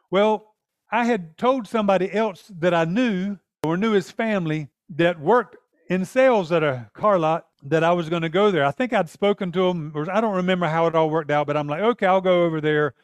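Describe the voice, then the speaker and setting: A man in his fifties with a high voice preaches a sermon, leaning into personal stories and acting out what people said. The sound is close and dry, with no room around it. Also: dry recording. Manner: storytelling, animated with acted-out quotes. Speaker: pastor.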